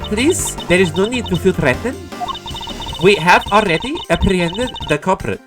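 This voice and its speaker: A stern, haughty stewardess played by a man speaks in a raised, lively voice. Every word comes out formal and officious. Game music plays behind her. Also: high voice, moderate pace, voice pushed up. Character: prim, stern professional woman flight attendant.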